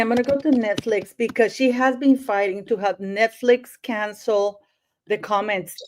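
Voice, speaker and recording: A woman hosting a casual livestream, chatting with viewers and greeting them by where they are watching from, with lots of fillers. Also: fairly high pitch. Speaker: livestream host.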